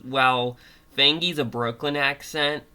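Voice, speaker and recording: Young man, slow halting delivery, bright tone, giggly off-the-cuff storyteller. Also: medium pitch, fairly even intonation, clean tone. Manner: halting, full of fillers and restarts, giggly. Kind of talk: unscripted story retelling.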